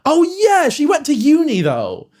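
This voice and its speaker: A man's voice: very high voice, huge pitch swings, a little slow, darkish tone. A man giving casual reaction commentary, swearing and laughing often. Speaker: streamer reacting to videos.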